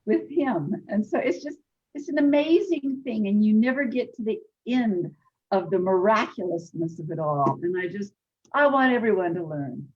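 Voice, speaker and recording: A woman's voice: medium pitch, lively intonation, normal speed, darkish tone, slightly rough, dull audio. An older woman teacher speaking earnestly, full of wonder, over a video call. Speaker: guest, energy teacher. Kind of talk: video interview.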